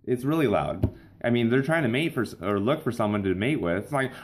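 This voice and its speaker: A man's voice: mid-range voice, sing-song, brisk. A young adult man hosting his own vlog, telling rambling, playful stories in a casual monologue. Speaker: vlog host.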